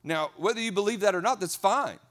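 A man's slightly high voice carries an energetic sermon. He repeats key words for emphasis, and his volume swings between loud and soft as he preaches. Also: a little fast. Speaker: pastor.

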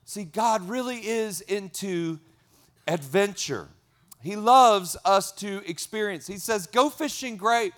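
A man preaching a sermon as a pastor, energetic, repeating key words and swinging between loud and soft. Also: high voice, slow.

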